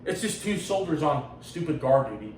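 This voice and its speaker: A podcast host with a slightly high voice and lively intonation speaks at a normal pace on his casual show. He animatedly retells a comic book story, swearing a lot and acting out quotes. The sound is roomy, picked up by a distant mic with faint noise.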